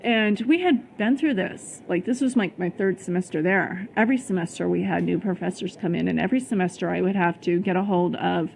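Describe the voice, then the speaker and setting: Middle-aged woman ranting on her vlog, gravelly voice, fillers everywhere, faint hiss behind. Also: lowish voice, brisk, hardly any pauses, a little mellow, poor audio. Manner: heated, emphatic, many fillers and repeated words. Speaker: vlogger. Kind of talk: casual personal storytelling.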